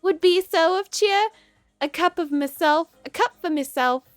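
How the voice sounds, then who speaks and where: A woman's voice: extremely high pitch, measured pace, no room sound, soft background music, pitched above the performer's own voice. Woman doing a mock-Scottish quaint magical girl. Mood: whimsical. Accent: put-on mock Scottish. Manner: archaic, flowery, muddled phrasing. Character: quaint young female magical girl with garbled old-fashioned talk.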